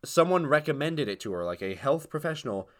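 A young man co-hosting a podcast, making dry deadpan jokes and hesitating with ums as he explains things. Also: on the high side, fairly quick. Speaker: podcast co-host. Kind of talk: casual comedic chat.

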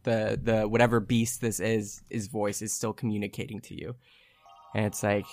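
A man's voice: on the low side, flat delivery, normal speed, a little mellow, faint music behind. A man narrating as game master in a tabletop game, casual and loose.

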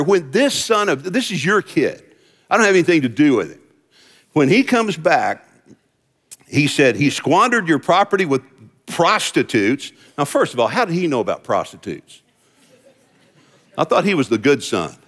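A man preaching a sermon, telling a parable with lively emphasis and acting out the characters' lines. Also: a little high. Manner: lively storytelling preacher, acts out quoted voices. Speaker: pastor. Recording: long hall reverb.

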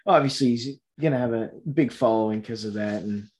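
A man's voice: mid-range voice, a little fast, darkish tone, slightly rough. A man co-hosting a casual movie podcast, rambling with lots of fillers and restarts. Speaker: podcast co-host.

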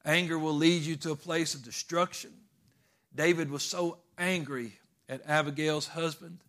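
A man's voice: a little high, a bit bright. A man preaching a sermon in a folksy, emphatic storytelling way.

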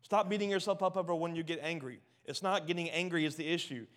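A man with a high-set voice preaches with fervor, swinging between loud, emphatic bursts and quiet, low asides. He often stumbles and repeats words as he pushes his point. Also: fast. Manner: passionate, builds to loud emphatic peaks then drops low and soft. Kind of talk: sermon.

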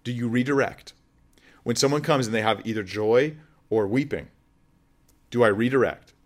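A man's voice: medium pitch, normal speed. A man speaking as a pastor in a Bible teaching sermon, earnest and conversational, often asking the audience questions.

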